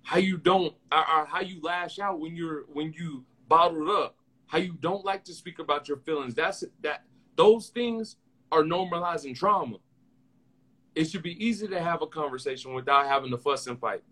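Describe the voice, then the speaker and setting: A young man hosting a casual podcast, talking in slang and telling animated stories with lots of repeated phrases. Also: a little high, normal speed. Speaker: podcast host.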